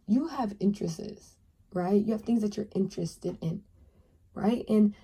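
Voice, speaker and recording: Breathy young woman doing a tarot reading, chatty, super mellow dark tone, acts out little convos. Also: medium pitch. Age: 20s. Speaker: tarot reader. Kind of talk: casual pick-a-card advice talk.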